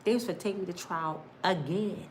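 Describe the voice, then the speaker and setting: Her voice sits fairly low and a little mellow, the pace brisk, with slight background noise in the recording. A woman in her fifties, she tells her personal story with passion and a preachy emphasis, talking straight to her audience and acting out others' words.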